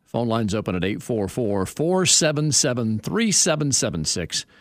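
A man's voice: medium pitch, sing-song, normal speed, no echo, clean studio sound. A man hosting a sports radio show, reading news items and chatting with asides.

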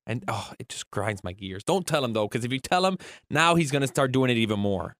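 Male radio co-host, bright, forceful, animated, complaining, dry studio mic. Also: medium pitch, brisk, dry recording. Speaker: radio co-host and executive producer. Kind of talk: casual sports radio chat.

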